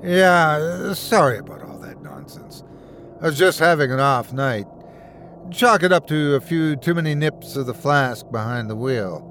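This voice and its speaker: A man voicing a cheerful old man who apologizes sheepishly over the phone in a booming voice. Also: measured pace, fairly bright tone, a little hiss or hum.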